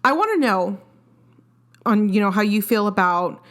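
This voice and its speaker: A woman's voice: medium pitch, expressive, moderate pace. A young woman co-hosting a podcast, talking frankly and firmly about parenting in casual chat with fillers. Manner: frank, firm, chatty with fillers. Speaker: podcast co-host.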